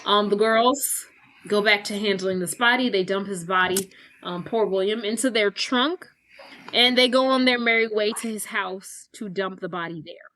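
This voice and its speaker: Bright-voiced woman recapping a movie. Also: medium pitch, moderate pace, rough recording. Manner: chatty, animated storytelling with filler words. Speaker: podcast host.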